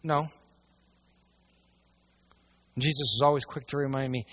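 A man preaching a sermon to a church audience, swinging between hushed asides and loud, emphatic passages. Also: mid-range voice, steady tone, fast talker, few pauses. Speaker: pastor.

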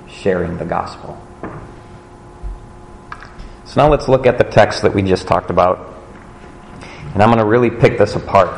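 A man giving a sermon as a pastor, conversational and animated, telling stories with playful asides. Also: on the low side, creaky. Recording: roomy hall echo, faint noise.

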